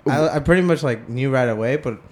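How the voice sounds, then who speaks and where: A man's voice: mid-range voice, a little fast. A young man from Houston co-hosting a podcast, rambling casually with constant fillers. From Houston, Texas. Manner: rambling, heavy use of 'like' and 'bro'. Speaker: podcast co-host. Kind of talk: casual chat.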